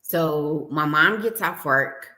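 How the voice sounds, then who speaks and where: Low-pitched woman host, casual storyteller, brings quoted dialogue to life. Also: slow, reverberant. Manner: animated storyteller, acts out dialogue. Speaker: livestream host. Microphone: home livestream setup.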